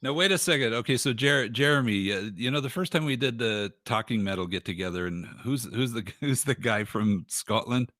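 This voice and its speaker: A man's voice: mid-range voice, brisk, few pauses, pushed and bright, no echo, clean studio sound. A man co-hosting a podcast in easygoing casual chat, laughing along.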